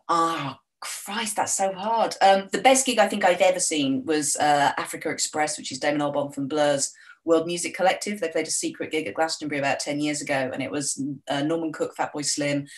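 A woman's voice: deep voice, moderate pace, poor audio. Chatty self-mocking woman author. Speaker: author guest. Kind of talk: casual interview chat.

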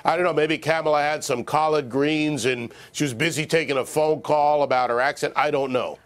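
A man's voice: on the high side, steady tone, fairly quick, smooth. A man commenting on a television panel, sarcastic and mocking, cracking jokes.

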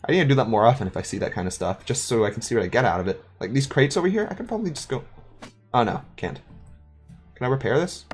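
A woman's voice: rumbling low, big pitch swings, fast, darkish tone, slightly rough, soft background music. A woman giving casual let's-play commentary with chatty, playful asides. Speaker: gaming YouTuber.

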